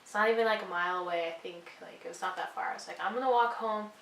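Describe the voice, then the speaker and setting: A woman's voice: lowish voice, fairly even intonation, rapid-fire, gravelly, fairly bright tone, reverberant, far from the mic, slight background noise, poor audio. A young woman vlogger telling a personal story, earnest and apologetic, rambling with lots of fillers. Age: young adult.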